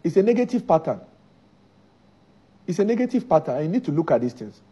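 A man's voice: on the high side, sing-song, a little fast, warm tone, husky, dull audio. A man preaching a sermon, driving his points home by repeating key phrases.

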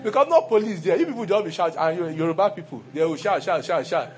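A pastor preaching a sermon in an animated, humorous way, full of rhetorical questions. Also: male voice, high-pitched, quick pace, faint music behind.

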